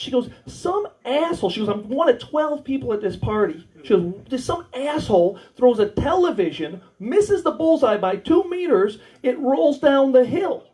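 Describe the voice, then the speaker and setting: A man's voice: very high-pitched, dark tone, low-quality recording. A man with an American accent doing crude, rambling stand-up stories at a small warehouse comedy night, acting out the dialogue. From United States. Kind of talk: stand-up storytelling.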